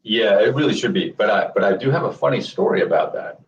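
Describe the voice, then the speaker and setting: A man's voice: on the low side, lively intonation, fast talker, a little hiss or hum. A man co-hosting a podcast who tells a story in a laid-back way, heard over a dull, distant line. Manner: laid-back, laughs while telling stories. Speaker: podcast co-host. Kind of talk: casual storytelling.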